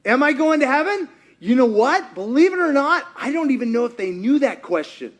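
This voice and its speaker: Male pastor, middle-aged, high voice, animated storytelling sermon that acts out the characters and questions the crowd. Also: brisk. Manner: animated storyteller, acts out quotes, asks the audience.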